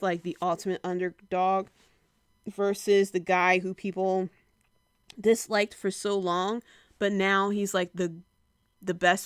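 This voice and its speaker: A woman hosting a podcast, recapping in a casual, rambling way with lots of filler pauses and wry asides. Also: medium pitch, fairly bright tone, smooth, no room sound, clean studio sound. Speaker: wrestling podcast host.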